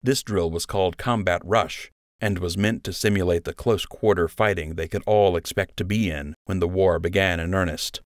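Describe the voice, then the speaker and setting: Deep-voiced man reading a story. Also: steady tone, normal speed, no room sound, clean studio sound. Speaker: audiobook narrator. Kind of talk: scripted narration.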